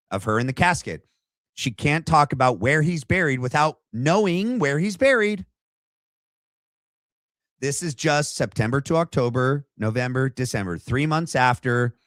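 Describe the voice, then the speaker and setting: A man hosting a podcast delivers casual, mocking commentary at an unhurried pace. His talk is slangy and sarcastic, full of fillers. It is recorded dry, with little room sound. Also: medium pitch, fairly bright tone, dry recording. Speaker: podcast host. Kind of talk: casual commentary reacting to a clip.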